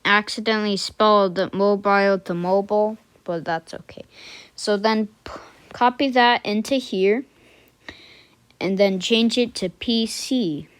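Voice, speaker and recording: Slow-talking casual woman tutorial maker. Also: medium pitch, clean tone, no echo. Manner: unhurried, thinking aloud with fillers and self-corrections; mutters quiet asides to herself. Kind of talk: casual screen-recorded coding tutorial.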